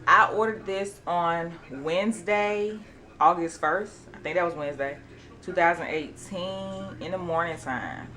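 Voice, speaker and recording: A woman chatting casually through an unboxing, animated and excitable. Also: on the low side, measured pace. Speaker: beauty vlogger.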